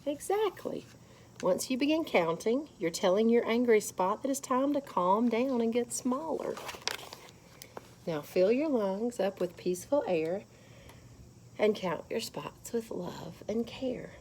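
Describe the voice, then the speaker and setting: Woman, children's lesson leader; slow, lively delivery, faint hiss behind. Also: on the high side. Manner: gentle, slow, guiding children through counting. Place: church.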